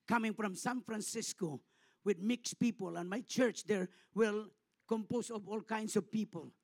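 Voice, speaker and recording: A middle-aged Filipino man preaching a sermon as a pastor, swelling to loud, impassioned passages and dropping to soft, tender ones. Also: high-pitched, creaky, no echo. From Philippines.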